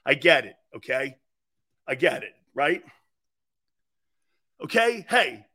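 Animated, blunt sports talk host. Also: male voice, a little high, slow pace, slightly rough. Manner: blunt, combative, animated with sudden shouts. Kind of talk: live sports talk rant.

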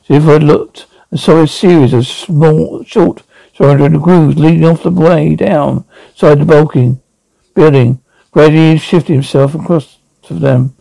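A man's voice: fairly high pitch, fairly even intonation, measured pace, vocal fry, warm tone, no echo, low-quality recording. A man reading an audiobook aloud, often stumbling and correcting himself. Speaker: audiobook reader. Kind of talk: audiobook narration.

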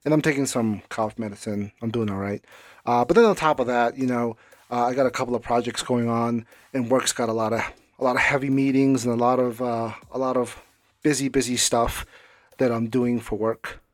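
A man in his thirties hosts his own podcast from home, speaking in a steady mid-range voice, a little fast, with no echo. Sick with a cold and cough, he rambles casually, full of fillers and restarts.

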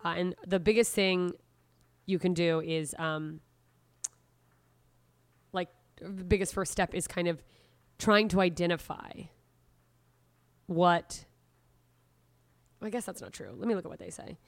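A woman in loose casual talk, wandering through her thoughts with frequent fillers and self-corrections. Her voice sits low and sounds smooth and clean. The recording is dry and close, with no room around it. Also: measured pace, long pauses, no echo. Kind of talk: casual talk on emotional triggers.

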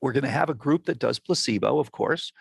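Older man, gravelly husky voice, dry close sound, animated interview storyteller. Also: medium pitch, a little fast, no echo. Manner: animated storyteller acting out quoted exchanges. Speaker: physician and researcher guest.

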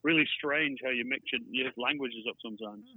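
A man's voice: medium pitch, brisk, slightly rough, no room sound. Man from Bolton on a tinny phone line. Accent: northern English, Bolton. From England. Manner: chatty, rambling with repeated words. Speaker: podcast co-host joining by phone. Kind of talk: casual chat. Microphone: telephone.

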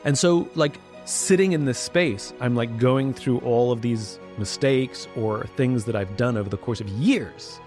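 Podcast guest, male, candid and self-reflective, mid-range voice, soft music bed. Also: mid-range voice, a little slow, few pauses. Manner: reflective, blunt, animated when quoting others. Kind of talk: candid conversational talk.

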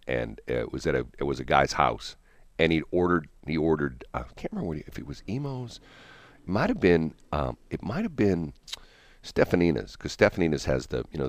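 A man's voice: a bass voice, very animated, fairly quick, no echo. A man hosting a casual morning radio chat, rambling and chuckling, restarting his sentences often. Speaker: radio host.

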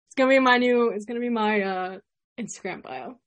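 A woman's voice: on the high side, a little fast. Chatty Chicago woman hosting a podcast. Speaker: podcast host. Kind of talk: casual interview chat.

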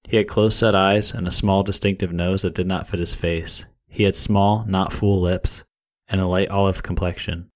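A deep-voiced man reads through true crime case details at an even, steady clip. He sounds like a podcast co-host walking listeners through the facts.

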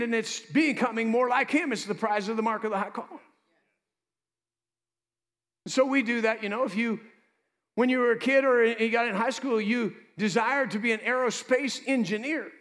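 A man preaching a sermon as pastor, with lively asides to the congregation. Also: very high voice, long reverb tail.

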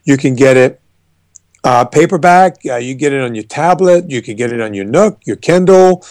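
Male podcast guest, fitness author, mid-pitched, lively storyteller; dry close mic. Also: moderate pace, no room sound. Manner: animated storyteller, emphatic and joking. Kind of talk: casual podcast interview.

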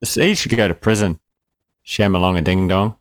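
A man's voice: deep voice, normal speed, no room sound. A man co-hosting a casual film review chat, jokey and wry. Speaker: podcast co-host.

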